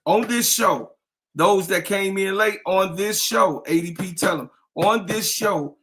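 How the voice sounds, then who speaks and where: A man co-hosting a casual sports livestream, hyping and repeating shout-outs to the audience. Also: sits high, unhurried. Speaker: podcast co-host.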